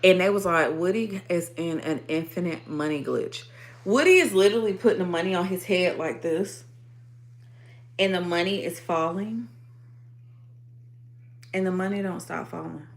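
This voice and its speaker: A woman's voice: lowish voice, moderate pace, long pauses. A woman hosting a spiritual livestream sermon, speaking in with emphatic, repetitive affirmations and profanity.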